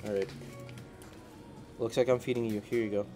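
A man vlogging in an indoor animal cafe, talking into a handheld phone and coaxing the animals in an excited, playful voice. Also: fairly low pitch, moderate pace, faint music behind. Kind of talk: casual vlog talk. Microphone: handheld phone camera.

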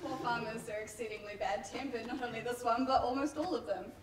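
A woman acting a sensible young male friend in a stage play, giving calm advice. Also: a little high, brisk, natural voice. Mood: reasoning. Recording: echoey hall, mic far off, noise.

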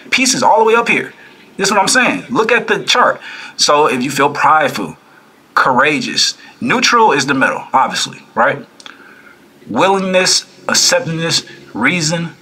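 A man hosting a reaction video, talking casually and preachily to his viewers, animated, repeating phrases and firing rhetorical questions. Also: a little high, slightly rough.

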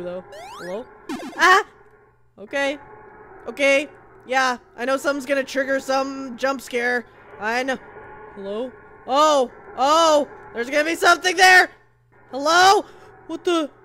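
Female gamer, high and unhurried, jokey commentary that jumps to shrieks. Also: pushed and bright, a little hiss or hum. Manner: jumpy, shrieks at scares, jokey banter. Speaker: video game player. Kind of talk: horror game play-through commentary.

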